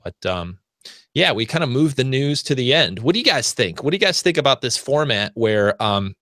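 A man's voice: medium pitch, very animated, moderate pace, fairly bright tone, no room sound, studio quality. An American man hosting a podcast, chatting casually and rambling with many restarts and fillers. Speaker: podcast host.

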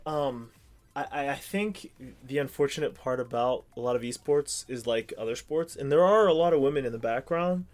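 A man's voice: medium pitch, moderate pace, soft background music. Rambling young man chatting casually. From Pittsburgh area. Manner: rambling, many ums and restarts. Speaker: podcast co-host. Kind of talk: casual chat.

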